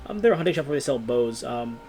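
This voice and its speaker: A man narrating as game master of a tabletop game in a relaxed, hesitant way. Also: medium pitch, fast. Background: guitar music.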